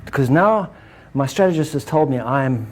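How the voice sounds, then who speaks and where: A man's voice: mid-range voice, expressive, normal speed, lightly acted. A man voicing a male politician who is suddenly eager to discuss an issue he once dodged.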